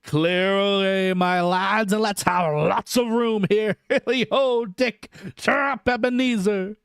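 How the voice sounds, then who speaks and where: A man voicing a jovial, fat old employer, booming and merry, in a storybook reading. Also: takes it slowly, a bit bright, clean tone, no room sound, clean studio sound, exaggerated voice.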